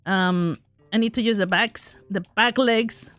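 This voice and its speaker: Bright, giggly woman gaming out loud. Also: mid-range voice, unhurried, faint music behind. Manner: giggly, self-talking, exclaims in frustration. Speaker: gaming streamer. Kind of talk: live gameplay commentary.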